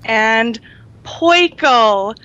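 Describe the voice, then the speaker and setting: A woman's voice: on the high side, animated, drawn-out words, bright, forceful tone, clean tone, no room sound, lo-fi sound. A woman co-hosting a podcast in casual chat, chatty and laughing often, with many ums. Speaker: podcast co-host.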